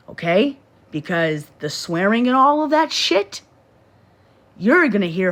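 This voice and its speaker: A woman's voice: on the high side, very animated, a little slow, a bit bright. A woman on a phone livestream from her bed, lecturing and scolding in a preachy, repetitive way. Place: bedroom, in bed.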